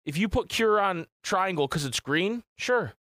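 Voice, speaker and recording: A man's voice: sits high, animated, unhurried, sharp tone, dry recording. A man co-hosting a gaming podcast in casual chat, rambling and swearing freely. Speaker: podcast co-host.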